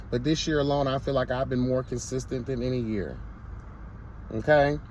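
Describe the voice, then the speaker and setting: In a candid to-camera vlog rant, a man with a slightly high, darkish voice delivers sassy, emphatic commentary. He keeps exclaiming, repeating "girl" and "hello, God." A little background noise can be heard.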